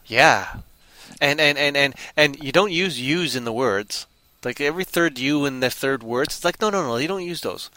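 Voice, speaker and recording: A man's voice: on the high side, expressive, moderate pace, sharp tone, no echo. A man co-hosting a casual chat, rambling and riffing playfully on jokes. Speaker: podcast co-host.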